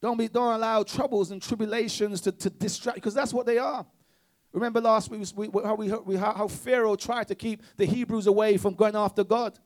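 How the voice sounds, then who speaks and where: A man's voice: sits high, steady tone, a little fast, darkish tone. A man preaching a sermon with call-and-response exhortations, often restarting his words in repetitive bursts.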